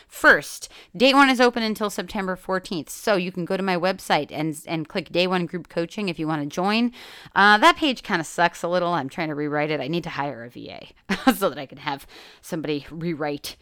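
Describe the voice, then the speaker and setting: A woman's voice: fairly low pitch, lively intonation, moderate pace, sharp tone, clean tone, no echo, clean studio sound. A woman life coach talking casually on her own podcast, candid and chatty, swearing freely and laughing often. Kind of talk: casual solo podcast talk.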